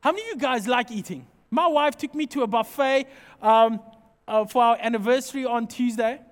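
A man delivering a sermon in a strikingly high voice, playful and animated as he acts out little scenes. His words trail off into the long echo of a large hall. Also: brisk. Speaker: pastor.

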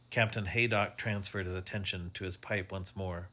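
A man reading a mystery story aloud in measured, scripted narration. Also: low voice, steady tone, bright, forceful tone.

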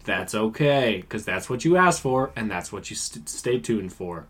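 A man's voice: lowish voice, animated, measured pace, a bit bright, breathy edge. Male podcast co-host, rambling and self-deprecating, casual chat. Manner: rambling, self-mocking, chatty.

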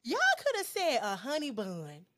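A young woman from Mississippi with a Southern drawl hosts a casual chat, her voice sitting a little high. She swings her pitch all over the place and draws out her words for emphasis, sounding animated and emphatic. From Mississippi, USA. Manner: animated, emphatic, drawn-out words when making a point. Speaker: host. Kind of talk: casual conversation.

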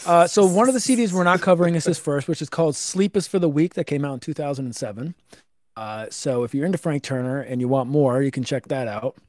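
A young man co-hosting a podcast with a fairly high voice, swearing freely and rambling through fillers as he reads notes aloud. The recording is close and dry. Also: quick pace, darkish tone, dry recording. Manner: profane, rambling with many fillers. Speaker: podcast co-host. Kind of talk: casual chat reading notes.

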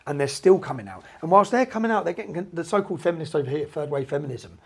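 A man with an English accent, telling stories fast in a casual podcast chat and checking in with "yeah?". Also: fairly high pitch, very animated, gravelly, husky. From England. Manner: rapid, repeats "yeah?" to check in. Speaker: podcast guest. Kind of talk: animated storytelling in casual talk.

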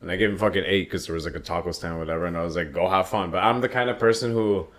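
Profane, animated storyteller, low-pitched man. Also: very fast. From Toronto, Canada. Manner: profane, animated storyteller who laughs often. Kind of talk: casual chat.

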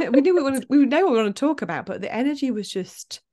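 A woman's voice: high voice, very animated, fairly quick, warm tone. A young adult woman co-hosting a podcast, chatty and encouraging, laughing often and out of breath. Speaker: podcast co-host. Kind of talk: casual podcast chat.

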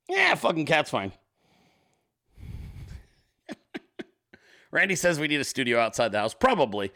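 A middle-aged man hosts his show in a loose, profane ramble, with a fairly high voice that swings up and down. His tone is bright and forceful, and he jumps into squeaky voices when he acts things out. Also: very animated, moderate pace, long pauses. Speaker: show host. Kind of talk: casual profane livestream chat.

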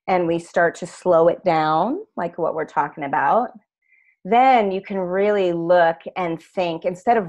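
Reflective low-pitched woman. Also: dull audio. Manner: earnest, reflective. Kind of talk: reflective conversation.

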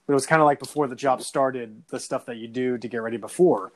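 A man's voice: mid-range voice, fast talker. A man telling a story in casual chat, rambling with many fillers and swear words.

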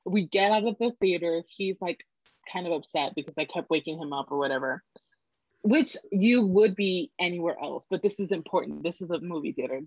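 A woman's voice: lowish voice, brisk, no echo. A woman in her twenties, a podcast guest telling a story in casual chat, acting out dialogue with lots of fillers. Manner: animated, acts out dialogue, many fillers. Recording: dull lo-fi dry recording.

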